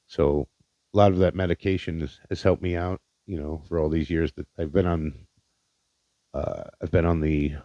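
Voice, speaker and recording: Deep-voiced, mellow-toned podcasting man. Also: no room sound. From Indiana, Pennsylvania, USA. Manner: rambling, profane, sincere, with many fillers. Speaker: podcast host. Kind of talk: casual solo podcast monologue. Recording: dull lo-fi dry recording.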